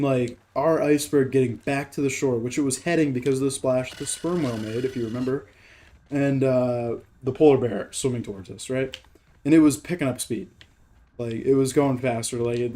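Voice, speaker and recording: A man hosting a gaming stream tells a long story while he plays. His voice sits in a middle pitch with a mellow, dark tone. He rambles, swears freely, and keeps tossing in rhetorical questions. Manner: rambling, profane, heavy on fillers and rhetorical questions. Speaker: gaming channel host. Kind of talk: casual storytelling while playing a game.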